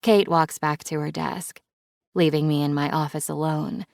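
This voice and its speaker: Low gravelly woman narrating romance. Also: fairly even intonation, moderate pace, darkish tone, no room sound, studio quality. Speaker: audiobook narrator. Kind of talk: first-person romance narration.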